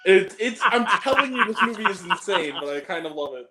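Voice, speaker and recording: A man's voice: high-pitched, lively intonation, a little fast, background noise. A man reviewing a film on a podcast in casual chat, swearing freely and often breaking into laughter. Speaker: podcast guest. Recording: roomy echo.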